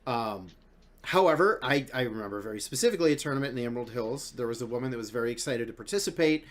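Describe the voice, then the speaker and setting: A man hosts a casual podcast at an ordinary middle pitch. He rambles, restarts his sentences and swears freely. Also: lively intonation, very fast. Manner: rambling, profane, many restarts. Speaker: podcast host. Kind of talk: casual chat.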